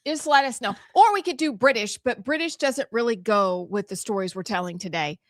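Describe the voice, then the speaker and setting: A woman's voice: a little high, lively intonation, no room sound. A woman co-hosting a talk show, with playful, bubbly banter. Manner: bubbly, playful, quick to laugh. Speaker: radio show co-host. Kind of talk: casual morning-show banter.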